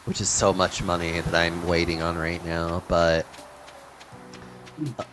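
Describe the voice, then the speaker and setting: A man's voice: low-pitched, completely flat delivery, measured pace, over music. A man streaming a game and chatting casually with friends, rambling and laughing often. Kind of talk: casual chat while gaming.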